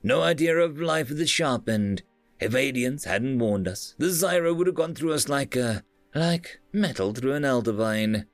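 A man voicing a stern, weary male starship captain who gives clipped, flat commands. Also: medium pitch, normal speed, dry recording, soft background music, voice pushed up, natural voice. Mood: blunt.

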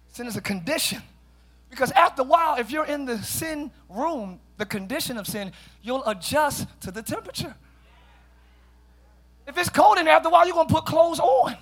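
A middle-aged male pastor preaching a sermon in a church, often shouting, with playful asides to the congregation. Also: very high-pitched. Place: church sanctuary.

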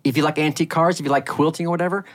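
A man's voice: fairly high pitch, steady tone, rapid-fire. A male host bantering playfully with his guest, laughing and egging him on. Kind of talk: comedic talk show banter.

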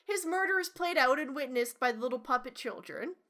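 A woman's voice: sits high, animated, fairly quick, a bit bright. A woman co-hosting a podcast in casual chat, ranting animatedly with lots of swearing and laughter. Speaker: podcast co-host.

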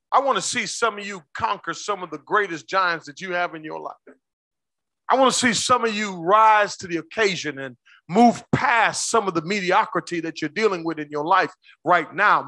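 A man preaching a sermon as pastor, quizzing his congregation with quick questions and slowing down hard to stress key words. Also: sits high, bright, forceful tone, no room sound. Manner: call-and-response questions to the congregation.

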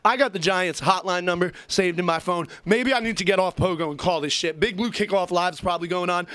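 A man's voice: sits high, no echo. A man hosting a show, delivering an angry, profane sports rant in an exasperated tone.

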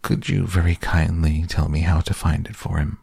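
A man's voice: low-pitched, fairly even intonation, gravelly, warm tone, slightly rough, no echo, clean studio sound, exaggerated voice. Winnie the Pooh, a man voicing a humble simple bear. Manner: humble, slow, dreamy. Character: gentle, simple-minded male bear, humble and hungry.

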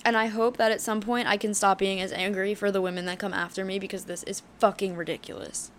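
A woman's voice: mid-range voice, flat delivery, a little fast, a little hiss or hum. A woman in her twenties hosting a solo podcast, talking candidly and heatedly, swearing often, with plenty of fillers. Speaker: podcast host.

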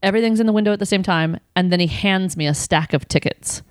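A woman telling a work story in casual chat, animated and swearing, acting out what she said back then. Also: medium pitch, fast, dry recording, clean studio sound. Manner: animated, swearing, acts out her own past lines.

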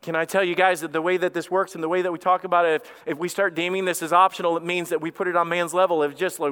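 A man preaching a sermon as pastor, emphatic, dropping low and quiet when he reads scripture. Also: level tone, quick pace, few pauses, smooth. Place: church sanctuary. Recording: reverberant church hall.

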